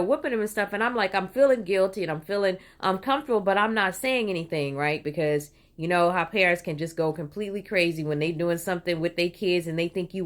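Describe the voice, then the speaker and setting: A middle-aged woman telling a personal story in a casual, digressive way, with lots of "you know" and "right?", and putting on voices when she quotes people. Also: medium pitch. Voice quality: animated, puts on voices when quoting people. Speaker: vlogger.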